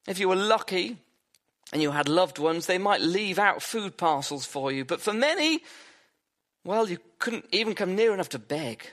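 A man preaching a sermon, retelling a story vividly and dropping his voice low for emphasis. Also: animated, moderate pace, fairly bright tone.

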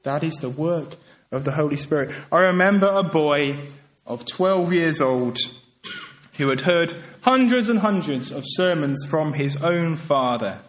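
A man delivers a sermon in a fairly high voice. He pleads earnestly with his listeners, building to emphatic peaks before dropping back to quiet, soft passages. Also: animated, measured pace. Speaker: preacher.

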